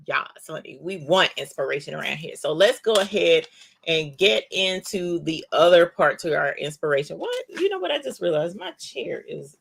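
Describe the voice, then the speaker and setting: A woman's voice: lowish voice, creaky, a bit bright, husky. A woman hosting a casual live crafting tutorial, chatty and folksy, talking straight to her viewers. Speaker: crafting livestream host.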